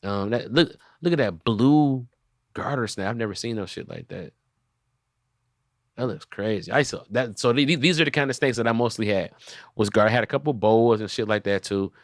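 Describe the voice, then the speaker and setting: A young man hosting a comedy podcast, telling animated stories and cussing freely in casual chat. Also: fairly low pitch, moderate pace, no echo, studio quality. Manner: animated storytelling, swears freely. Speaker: podcast host.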